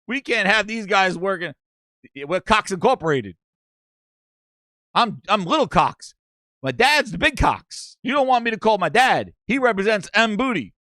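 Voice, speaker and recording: A man doing a brash shouting lawyer. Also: sits high, big pitch swings, moderate pace, dry recording, studio quality, heavily acted. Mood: boasting. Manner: loud, boastful, shouting. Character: brash loud male lawyer.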